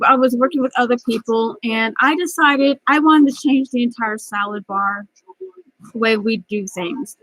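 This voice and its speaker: In this low-quality recording, a woman with a slightly high voice vents in a vlog. She's middle-aged, telling an angry, rambling story about work while close to tears, often restarting what she's saying.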